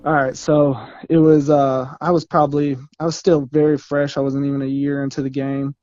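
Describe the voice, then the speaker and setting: A man's voice: a little high, little pitch movement, moderate pace, darkish tone, dull audio. A man, a male dancer, telling a story in a casual, rambling way and correcting himself as he goes. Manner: rambling, self-correcting, laughs while telling.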